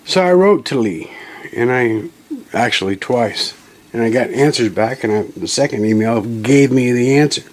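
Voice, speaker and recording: A man's voice: medium pitch, expressive, normal speed, a little mellow. A man hosting a casual hands-on tutorial at his home reloading bench, talking in a folksy, rambling way with frequent self-corrections and apologetic asides, recorded on a camera mic. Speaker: channel host demonstrating a reloading tool. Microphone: camera mic, handheld then on tripod.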